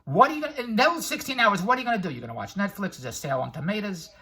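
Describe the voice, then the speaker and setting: A man's voice: sits high, animated, rapid-fire, pushed and bright, slight background noise. An older man giving a brash, rambling motivational monologue full of tangents, laughing at his own jokes. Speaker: vlogger and infomercial producer.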